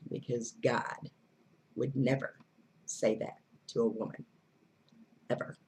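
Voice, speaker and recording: A woman's voice: rumbling low, fairly even intonation, slow, darkish tone, slight background noise. A woman giving casual spiritual advice, blunt and earthy, who swears freely and laughs often. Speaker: spiritual teacher.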